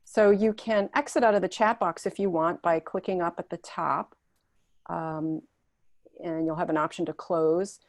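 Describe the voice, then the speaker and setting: Soft-voiced woman hosting a video call. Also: on the low side, fairly even intonation, moderate pace, no echo. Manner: gentle, guiding, reads chat aloud. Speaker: talk show host. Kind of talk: facilitating a video call gathering.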